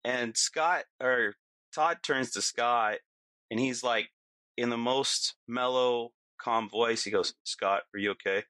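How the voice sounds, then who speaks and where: A man's voice: medium pitch, takes it slowly, no room sound. A middle-aged man, a podcast guest, telling a vivid story casually with lots of fillers. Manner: vivid, lots of fillers, acts out his own yelling.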